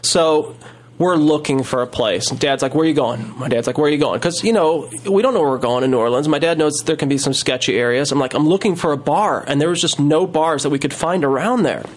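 A man's voice: a little high, brisk. A man telling a long story in casual chat, rambling with many fillers and restarts. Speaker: storyteller guest.

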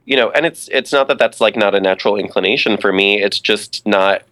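A man's voice: lowish voice, fairly quick. A young man talking casually as a podcast guest, full of fillers and restarts. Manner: lively, many fillers and restarts. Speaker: podcast guest, drag performer. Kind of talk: casual interview chat.

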